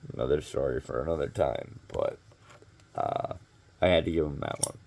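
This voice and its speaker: Low gravelly man rambling through a story. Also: sing-song, normal speed, darkish tone. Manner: rambling, filler-heavy, profane. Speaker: vlogger telling a story. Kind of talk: casual storytelling monologue.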